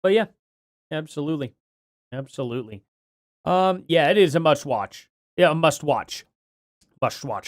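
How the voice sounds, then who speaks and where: A man's voice: a little high, lively intonation, moderate pace, pauses often, no echo, studio quality. A man hosting a casual livestream, chatting and reading out donations, his words a little slurred from a bitten tongue. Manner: chatty, reads donations aloud, apologetic. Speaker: livestream host.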